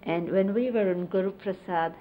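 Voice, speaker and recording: A middle-aged woman casually reminiscing, explaining hand gestures in an unhurried, conversational way and often quoting others. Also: mid-range voice. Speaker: interviewee recalling life with a spiritual teacher. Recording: lo-fi 1970s videotape, faint hiss.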